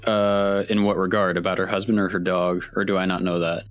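A man's voice: low voice, flat delivery, a little fast, dry recording. A man playing his character in a tabletop game, talking casually and stammering now and then. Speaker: player.

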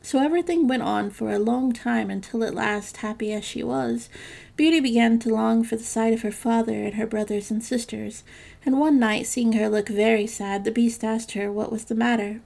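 A woman narrating a classic fairytale in a measured storybook reading. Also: on the high side, fairly even intonation, vocal fry, a little mellow.

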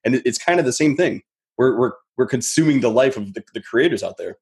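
A man's voice: medium pitch, animated, fast talker, creaky, a little mellow. Reflective man speaking as a podcast guest. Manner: rambling, reflective, many "you know" fillers and restarts. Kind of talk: casual podcast conversation.

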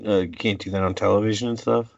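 A man in his forties co-hosting a casual chat, rambling and halting with many fillers, in a dull, muffled recording. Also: fairly low pitch, steady tone, vocal fry, dry recording.

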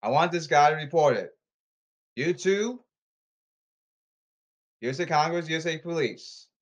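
A man rambling to his audience, reading rules off his phone and repeating himself insistently, with halting restarts. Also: on the high side, lively intonation, dull audio. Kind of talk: rambling monologue to camera.

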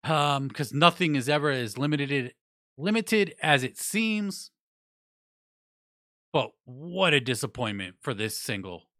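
Profane, bright-voiced man reviewing music. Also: mid-range voice, sing-song, slow, no echo, clean studio sound. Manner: blunt, profane, rambling with restarts. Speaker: music news vlogger. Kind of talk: casual opinionated review.

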